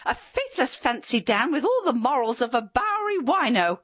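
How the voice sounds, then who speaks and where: A woman doing a shrill, screeching ghost wife. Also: big pitch swings, moderate pace, a bit bright, dry recording, exaggerated voice. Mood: shrill scolding. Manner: scolding, indignant.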